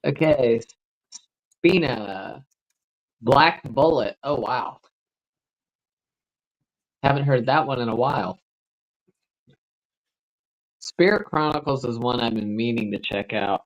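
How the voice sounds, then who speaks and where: A man's voice: mid-range voice, slow, pauses often, highs cut off. A man co-hosting a livestream, chatting casually while gaming and telling rambling anecdotes with cautious recommendations. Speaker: livestream co-host.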